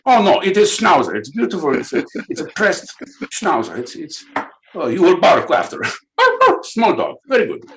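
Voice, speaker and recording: A man voicing a mock therapist, coaxing and slow. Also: high-pitched, wildly swooping pitch, slight background noise, pitched above the performer's own voice, full character voice, poor audio. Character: mock German male therapist, soothing and odd.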